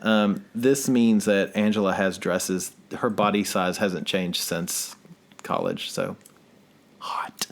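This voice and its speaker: A man's voice: on the low side, fairly even intonation, takes it slowly, hardly any pauses. Male podcast co-host, casual home recording, chatty and self-deprecating, laughs a lot. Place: living room at home.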